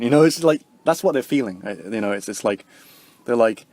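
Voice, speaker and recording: A man's voice: medium pitch, fast talker, no echo. A young man vlogging in a casual, rambling way, with constant filler words and frequent swearing. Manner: rambling, heavy filler words, profane, animated quoting.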